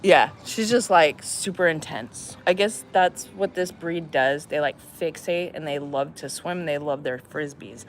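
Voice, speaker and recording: A woman's voice: low-pitched, measured pace, hardly any pauses, a little hiss or hum. A woman chatting casually to her viewers in a vlog, breaking off to talk to a dog playing fetch outdoors. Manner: chatty, talks to a dog between asides. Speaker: vlogger.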